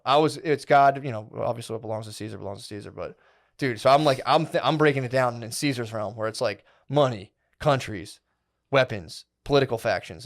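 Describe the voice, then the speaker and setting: Podcast host guy rambling a story, swears a lot, says dude and like nonstop, normal middle pitch. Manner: rambling, profane storytelling full of "like" and "dude", acting out quotes. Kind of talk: casual podcast chat, storytelling.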